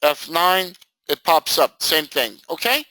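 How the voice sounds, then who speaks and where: A man teaching a live trading software session, talking casually and acting out his students' reactions with jokes. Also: on the high side, a little slow, dry recording, rough recording. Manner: animated, jokey, acts out students' reactions. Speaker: trading instructor. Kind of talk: live screen-share training session.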